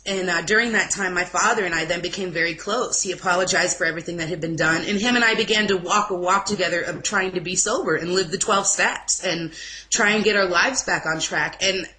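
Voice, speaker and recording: Bright-voiced young woman telling her story. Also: lowish voice, rough recording. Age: young adult. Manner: emotional, halting, with restarts and apologies. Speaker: interview guest. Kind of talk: personal testimony in an informal interview.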